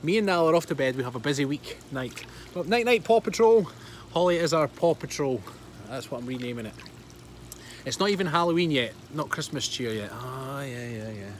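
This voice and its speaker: A man's voice: mid-range voice, fairly quick, a little hiss or hum. A man in his thirties with a Scottish accent, chatting casually on a livestream, laughing often and reading out viewer comments. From Scotland. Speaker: livestream host. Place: outdoors by a pool.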